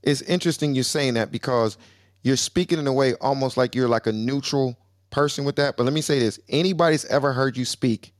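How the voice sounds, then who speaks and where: A man's voice: medium pitch, dry recording, studio quality. A man moderating a heated live audio room debate, firmly pressing to get his turn to speak. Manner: firm, keeps asking for the floor.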